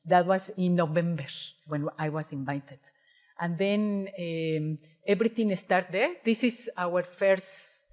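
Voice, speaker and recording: Hesitant Mexican-accented woman lecturer. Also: on the low side. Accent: Mexican Spanish. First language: Spanish. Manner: hesitant, many restarts and fillers. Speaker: guest speaker, independent curator. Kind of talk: lecture presentation. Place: auditorium.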